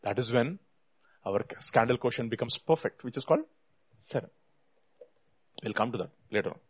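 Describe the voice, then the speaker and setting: A man's voice: mid-range voice, expressive, moderate pace, slightly rough. Man preaching with swelling emphasis. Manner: reads scripture and hymn lines with swelling emphasis, then drops to quiet asides; addresses listeners as "my dear brothers". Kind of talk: sermon.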